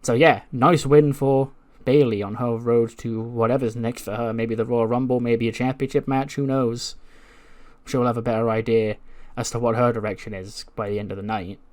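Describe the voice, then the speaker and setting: A man's voice: mid-range voice, steady tone, moderate pace, a little mellow. A man casually narrating a wrestling management game, chuckling at his own storylines. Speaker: gaming channel host. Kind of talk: casual let's-play narration.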